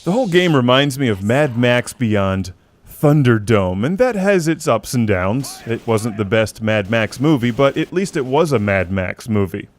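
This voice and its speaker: A man's voice: medium pitch, sing-song, a little slow. A man narrating a scripted video game review as the show's host, in a wry tone with dry joking asides.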